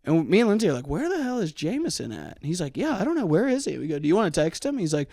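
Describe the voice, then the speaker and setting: A young man with a fairly high voice tells a story in casual podcast chat, jumping into the voices of the people he quotes. The sound is dry and close. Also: very fast, no room sound. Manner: animated, acts out quoted voices. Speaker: podcast co-host.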